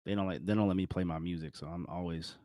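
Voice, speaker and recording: A man's voice: deep voice, steady tone, quick pace, darkish tone, dry recording, clean studio sound. A middle-aged man talking casually to his viewers on his own, rambling and correcting himself, chuckling often. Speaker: vlogger. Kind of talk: casual solo self-reflection talk.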